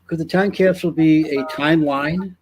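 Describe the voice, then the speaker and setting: A man's voice: fairly high pitch, fairly even intonation, moderate pace, darkish tone. A man on a casual panel over a video call, mostly making short reactive remarks and questions.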